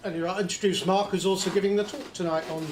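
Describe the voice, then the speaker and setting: A man's voice: high voice, fairly even intonation, quick pace, echoey room, noisy background. A man hosting a club evening, reading announcements loosely with fillers. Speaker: club host.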